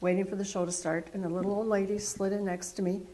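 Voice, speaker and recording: A woman's voice: mid-range voice, flat delivery, quick pace, mellow. Woman guest, mid-range voice; thoughtful, anecdotal telling. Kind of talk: casual conversation.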